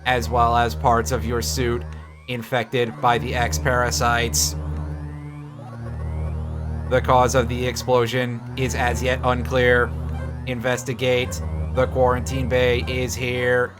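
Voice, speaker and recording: Man doing a deadpan robotic computer voice. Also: medium pitch, slow pace, lightly acted. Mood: flat orders. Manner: deadpan monotone reading. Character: flat male robotic ship computer commander. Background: game music.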